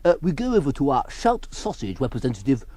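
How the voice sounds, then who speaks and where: A man reading a deadpan mock news bulletin with silly interjections, on a hissy old cassette tape. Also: mid-range voice, fairly quick, dry recording. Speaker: comedy newsreader.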